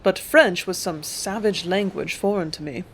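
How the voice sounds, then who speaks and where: A woman reading a first-person memoir as an audiobook narrator, calm and measured. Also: on the low side, a little hiss or hum.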